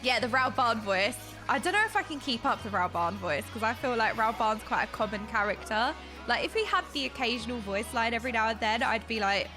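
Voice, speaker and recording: A woman's voice: fairly high pitch, expressive, normal speed, over music. A woman from Essex with a mix of London and Essex accent, chatting casually with her stream audience, laughing often and bantering indignantly. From Essex, England.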